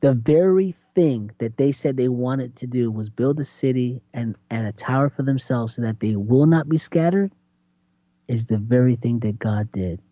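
A man preaching in a conversational sermon, animated and acting out voices with big jumps in pitch. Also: moderate pace, no room sound. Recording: dull lo-fi sound.

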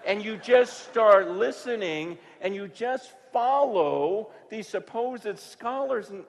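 A man preaching a sermon, telling a story in a conversational way that swings from hushed to sudden loud bursts. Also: high-pitched, lively intonation, takes it slowly, vocal fry, in a large hall, a little hiss or hum. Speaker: pastor.

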